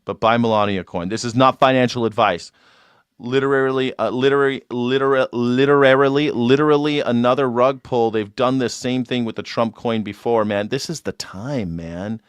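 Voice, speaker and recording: A man's voice: medium pitch, moderate pace, clean tone, dry recording. A man hosting a live call-in show, talking in a mocking, sarcastic way and laughing often. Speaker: livestream show host.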